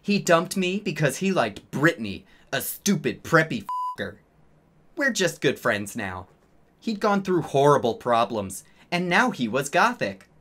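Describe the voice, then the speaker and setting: A man voicing a moody gothic teenage boy wizard, narrating slowly and sulkily in a comedic reading. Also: a little high, sing-song, a bit bright, slight background noise, pitched above the performer's own voice. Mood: sulky.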